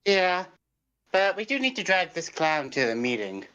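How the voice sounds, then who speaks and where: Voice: mid-range voice, very animated, normal speed, fairly bright tone, clean tone. Eager player on a dull lo-fi mic. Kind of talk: casual tabletop game play.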